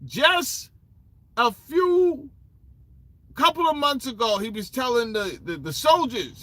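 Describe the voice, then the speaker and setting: Profane, high-voiced man ranting. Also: takes it slowly. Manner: profane, animated, street slang, sarcastic; rambling with restarts and asides. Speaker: political commentator. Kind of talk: casual ranting commentary.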